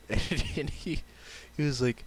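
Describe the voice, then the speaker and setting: A young man streaming, telling a story casually and haltingly, often breaking into giggles. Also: mid-range voice, a little hiss or hum. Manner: giggly, halting, lots of fillers.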